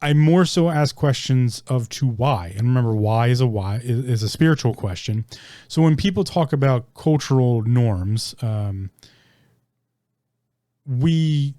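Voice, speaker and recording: Rambling man, dark dry voice. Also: mid-range voice, no echo. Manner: rambling, halting, many ums and restarts; swears casually. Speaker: podcast host. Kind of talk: solo podcast monologue.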